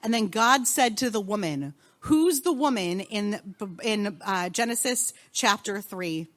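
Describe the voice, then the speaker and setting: A woman's voice: mid-range voice, lively intonation, a little slow, a bit bright. A woman rabbi and cantor teaching an interactive Torah class in a synagogue, calling on students and asking the group questions.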